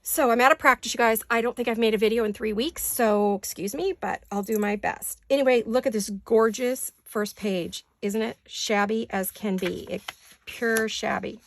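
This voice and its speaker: A woman with a fairly high, steady voice speaks at normal speed, with slight background noise, from her home studio. Hosting a crafting video, she chats casually in a show-and-tell style, gushing over each page with repeated praise.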